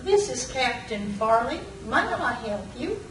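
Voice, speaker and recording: A woman voicing a gracious female Marine captain with a sweet Southern accent and unhurried, polite manner. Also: on the high side, big pitch swings, noisy background. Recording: roomy, distant from the mic.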